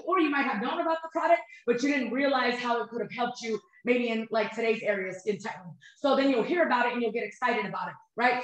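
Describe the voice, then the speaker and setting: A woman's voice: fairly high pitch, fairly bright tone. A woman in her thirties, a nutrition coach giving an upbeat motivational webinar talk, often checking in with "you guys" and "right?". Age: 30s. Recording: very echoey room.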